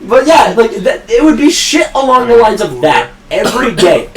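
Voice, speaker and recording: A man's voice: extremely high pitch, big pitch swings, moderate pace, distant mic, crowd noise, low-quality recording. A young man hosting a podcast who tells long, rambling work stories full of swearing and laughs at his own punchlines. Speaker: podcast host. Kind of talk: casual storytelling chat.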